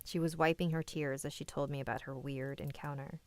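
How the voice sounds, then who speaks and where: A woman's voice: sits low, fairly even intonation, brisk, no room sound. Chatty woman reading scary stories live. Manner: chatty, candid asides to the chat between stories. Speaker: host and story reader.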